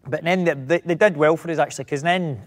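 A middle-aged Scottish actor, a guest in a casual interview, rambling through anecdotes with many restarts. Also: male voice, fairly high pitch, fast talker.

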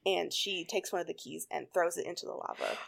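Gravelly-voiced woman retelling a story. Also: fairly low pitch, brisk. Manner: animated retelling with many fillers. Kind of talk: casual chat.

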